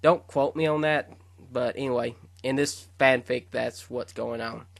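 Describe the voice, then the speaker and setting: A man's voice: medium pitch, fairly even intonation, a little slow, creaky, no room sound. A man casually retelling his own fan fiction story, rambling along with fillers and self-corrections.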